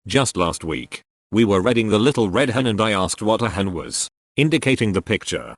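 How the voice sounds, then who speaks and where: A man with a somewhat low voice reads short anecdotes aloud one after another. His delivery is steady and matter-of-fact, with a dry, close sound. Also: moderate pace, no echo. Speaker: narrator reading online posts.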